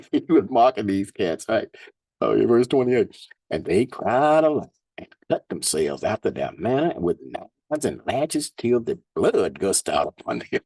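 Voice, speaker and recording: Husky-voiced man reading scripture, animated. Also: fairly low pitch, a little slow, no room sound. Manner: slangy, laughing asides between verses. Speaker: Bible teacher. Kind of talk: scripture reading with casual commentary.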